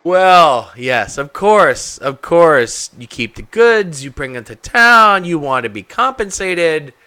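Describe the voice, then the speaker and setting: A shrewd woman trader in her forties, as a game master puts her on, raised high with a swinging, lively delivery. She stammers when surprised and turns prickly and indignant when money comes up. Her tone is bright and forward, set close to the mic. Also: smooth, no room sound, heavily acted. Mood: suspicious. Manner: flustered and haggling, quick to take offense.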